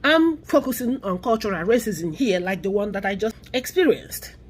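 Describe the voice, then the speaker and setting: A woman's voice: mid-range voice, expressive, breathy edge. A middle-aged woman with a Nigerian accent, speaking her mind in an impassioned vlog and leaning hard on key words. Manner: emphatic, drawn-out stresses on key words. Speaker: vlogger. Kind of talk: impassioned social commentary.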